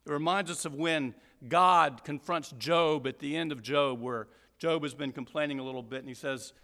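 Male Bible teacher from Georgia, slightly high, bright tone, unhurried delivery, long hall reverb. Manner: explanatory, deliberate, emphatic repetition.

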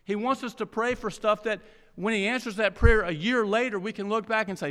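A male pastor delivering a sermon in a church, telling stories in an animated way with frequent restarts. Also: high-pitched, fairly quick. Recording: reverberant church hall.

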